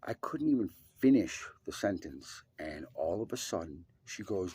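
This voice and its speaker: Husky low-voiced man telling a story. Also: sing-song, normal speed, hardly any pauses, no echo. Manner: emphatic, profane, swings between loud and hushed. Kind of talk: personal storytelling.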